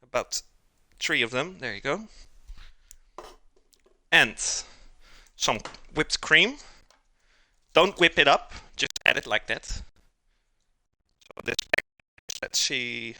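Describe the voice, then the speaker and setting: A man's voice: mid-range voice, lively intonation, takes it slowly, long pauses, sharp tone, a little hiss or hum. A man, chatting casually with his viewers during a live cooking stream in his home kitchen and chuckling often.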